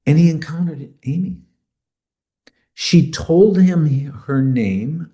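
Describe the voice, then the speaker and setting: A man's voice: fairly high pitch, animated, slow, warm tone. A man co-hosting a podcast as the expert, explaining his views in an opinionated, confident way. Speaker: podcast co-host and expert commentator. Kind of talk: casual podcast discussion.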